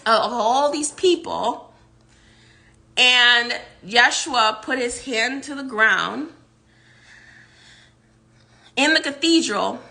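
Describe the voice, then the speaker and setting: With a high, bright, pushed voice, a woman who vlogs as a psychic casually describes a dream. She keeps restarting her sentences and laughs often as she rambles.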